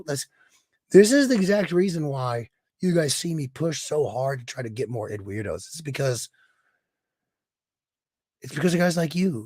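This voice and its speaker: A man with a hoarse, rough voice chats on his live stream at an ordinary pitch. He gushes thanks to viewers, trails off into quiet mumbles and restarts his sentences. The sound is close and dry. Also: no room sound. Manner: warm and effusive, reading chat aloud. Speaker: streamer host. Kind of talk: casual live stream chat.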